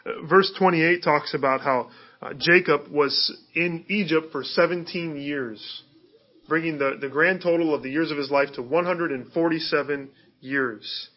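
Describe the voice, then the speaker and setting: A man's voice: on the high side, a little slow, muffled recording. A male pastor preaching a sermon in an easygoing, conversational way, with fillers and restarts.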